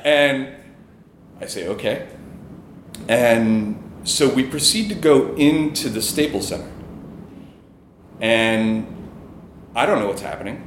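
A man's voice: medium pitch, expressive, slow pace, long pauses, reverberant, slight background noise. A man telling a personal story in a casual, rambling way, with fillers and chuckles. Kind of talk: live storytelling.

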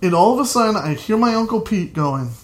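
A man telling a comic story to a live audience, lively and loose, swearing freely. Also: sits high, a little fast, a little hiss or hum.

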